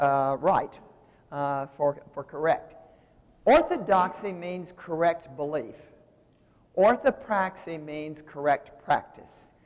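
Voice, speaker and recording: Older woman lecturing in a reverberant hall. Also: low voice. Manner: lively, discursive, explaining at a drawing board. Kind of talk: seminary lecture.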